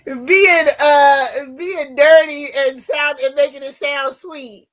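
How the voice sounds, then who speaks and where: A woman with a New Jersey accent chatting casually on a live stream, animated and curious, asking lots of questions. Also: high-pitched, slow.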